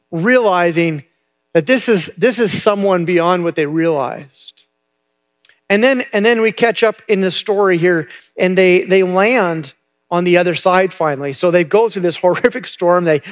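A male pastor retelling a Bible story in a conversational sermon, often repeating words as he goes. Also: high-pitched.

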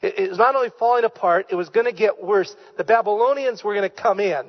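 A pastor preaching a sermon in church, with emphatic delivery, repeated key phrases and questions put to the congregation. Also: male voice, high voice, fast, long reverb tail, muffled recording. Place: church sanctuary.

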